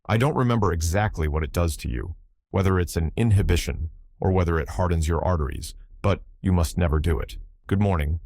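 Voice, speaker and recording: A male narrator voicing a wry, easygoing young gentleman with a dry, teasing way of talking. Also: deep voice, fairly quick, creaky, no echo.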